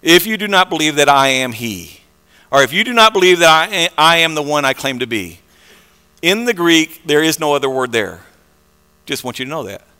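High-voiced man preaching in a hall. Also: very animated, normal speed, smooth. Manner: conversational preaching, repeats words, swings from soft to loud. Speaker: pastor. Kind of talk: sermon.

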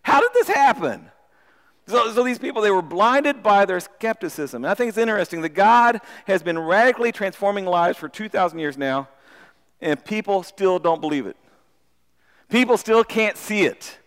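A man preaching a sermon in an animated way, often repeating words as he starts a sentence. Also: sits high, moderate pace, clear, resonant tone. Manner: animated, acts out voices of people in the story. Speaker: pastor. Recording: long hall reverb.

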